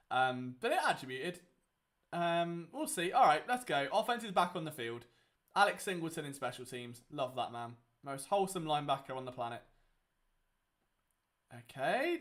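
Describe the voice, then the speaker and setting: A young man talks through a live game as he watches, sarcastic and exasperated. He swings from loud outbursts to low mutters. His speaking voice sits fairly high for a man. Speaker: sports watchalong host.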